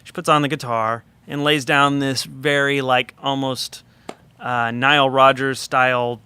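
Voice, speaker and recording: Bright, clear-voiced man telling a story. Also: mid-range voice, measured pace. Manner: animated, chatty storyteller with many fillers. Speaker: record producer guest. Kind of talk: casual storytelling in a podcast interview.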